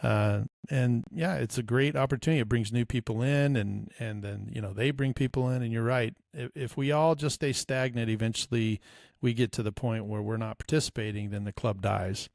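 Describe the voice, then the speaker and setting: A man's voice: mid-range voice, moderate pace, gravelly, a little mellow, no echo, studio quality. A man co-hosting a hobby podcast, chatting in an easygoing way and repeating words as he thinks. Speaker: podcast co-host. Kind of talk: casual chat.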